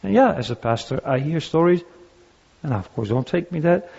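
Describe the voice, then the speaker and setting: An older male pastor gives a conversational sermon, drifting into personal stories and restarting his sentences as he goes. His voice sits a little high for a man, and the recording sounds dull and lo-fi. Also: expressive, normal speed, vocal fry, a little mellow, slightly rough. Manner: conversational, anecdotal, with frequent restarts. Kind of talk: sermon on grief and listening.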